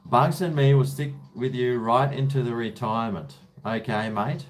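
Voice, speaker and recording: A man's voice: mid-range voice, normal speed, faint music behind. A man, chatting casually on his live stream, jokey and calling everyone mate.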